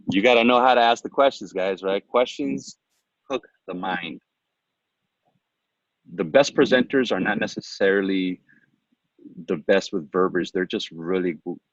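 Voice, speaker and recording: Low-voiced man coaching sales. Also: fairly bright tone, no room sound, lo-fi sound. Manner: coaching, asks rhetorical questions, role-plays pitches. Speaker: sales trainer. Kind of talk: training presentation.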